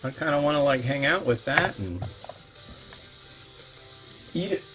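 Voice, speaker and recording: A man rambles casually through his thoughts while cooking and tasting, opinionated and full of restarts. His pitch moves in lively swings, and his voice sits in a middle register. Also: measured pace, over music. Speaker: host of an instant noodle review channel.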